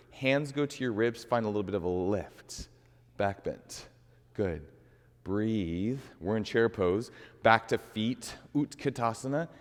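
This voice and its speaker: A man with a lowish voice guides a yoga class, calmly cueing each breath and pose. He speaks very slowly and evenly. His voice carries a long reverb, as if recorded in a large hall. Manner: calm, unhurried cueing of breath and movement. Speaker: yoga instructor.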